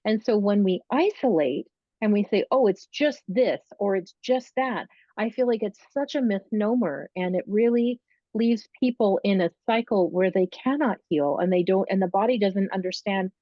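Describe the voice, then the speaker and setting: A woman's voice: mid-range voice, moderate pace, no echo. Earnest woman podcast co-host, dull lo-fi sound. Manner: earnest, emphatic, stubborn-sounding. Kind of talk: casual conversational talk.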